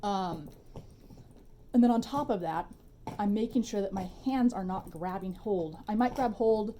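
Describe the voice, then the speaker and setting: Mellow-voiced woman explaining dog training. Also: medium pitch, unhurried, slight background noise. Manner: relaxed, chatty explaining with informal asides. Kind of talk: demonstration tutorial.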